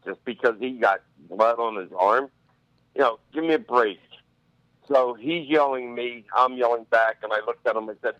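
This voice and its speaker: A man's voice: medium pitch, normal speed, fairly bright tone, no room sound. A man from Northeast Pennsylvania, a firefighter and EMT, calling in to a show and telling stories in a loose, rambling way. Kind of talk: phone-in storytelling. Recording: dull dry phone line.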